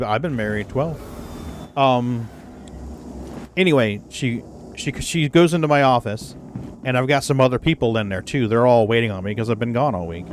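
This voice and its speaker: A man's voice: mid-range voice, slight background noise. A man on a casual live game stream, swearing freely and laughing as he chats with viewers, still getting over the flu. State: recovering from the flu, coughs when laughing. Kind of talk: casual live-stream chat while gaming.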